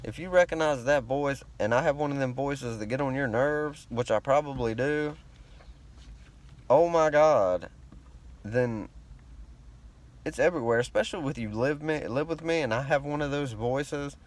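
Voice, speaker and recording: A man with a rural American country accent speaks in a drawling, laid-back voice. He meanders from thought to thought, swearing casually and sounding a little self-conscious. His pitch sits in an ordinary middle range. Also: normal speed. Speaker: vlogger. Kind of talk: rambling casual monologue.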